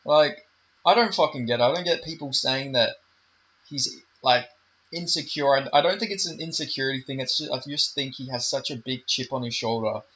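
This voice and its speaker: A man's voice: mid-range voice, fairly quick, a bit bright, lo-fi sound, a little hiss or hum. Profane, heated man ranting about fights. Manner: heated, profane, lots of fillers. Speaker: MMA commentary YouTuber. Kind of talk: casual opinion rant.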